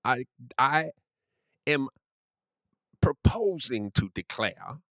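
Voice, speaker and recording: A man putting on a pompous, verbose Southern gentleman with a put-on Southern accent, drawing his words out. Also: medium pitch, big pitch swings, dry recording, heavily acted. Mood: grandiloquent. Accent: American Southern, put on. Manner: flowery, drawn-out, overly formal. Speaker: podcast co-host.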